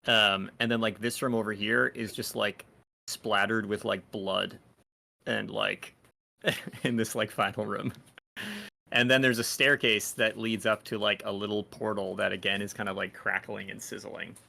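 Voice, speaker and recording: A man's voice: lowish voice, fairly even intonation, normal speed, creaky, sharp tone. A man running a tabletop game as dungeon master, narrating scenes loosely with many fillers.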